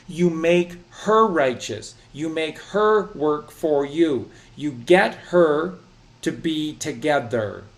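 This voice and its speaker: A man in a casual religious discussion, talking in an animated, preachy, rambling way. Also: on the high side.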